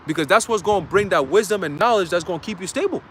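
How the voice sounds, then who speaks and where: Outdoors in a city, a man preaches a dramatic, slang-heavy street sermon, emphatically checking in with listeners by asking "okay?". His voice is high, fast and a bit bright with lively intonation, and there's a little hiss or hum.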